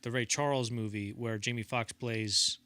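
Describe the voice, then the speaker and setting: A man's voice: medium pitch, moderate pace, dry recording. A young man co-hosting a film podcast, chatting casually and acting out the quotes in his stories. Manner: animated storyteller acting out quotes in voices. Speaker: podcast co-host. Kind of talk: casual film-history chat.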